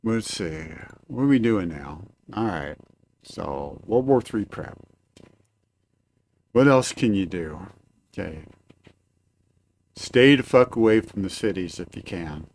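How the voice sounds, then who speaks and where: A man's voice: deep voice, animated, takes it slowly, long pauses. A man hosting a live-stream radio show from a cabin, rambling casually with lots of filler and swearing. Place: cabin, indoors.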